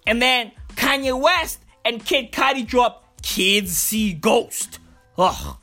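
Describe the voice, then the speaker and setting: A woman's voice: on the high side, lively intonation, takes it slowly, pushed and bright. A woman ranting through music commentary, profane and repetitive, calling everyone bro.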